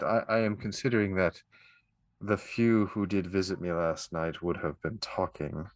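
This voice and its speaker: A man's voice: sits low, fairly even intonation, moderate pace, no room sound. A man playing a tabletop game, speaking carefully and correcting himself. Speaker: player. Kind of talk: tabletop role-play.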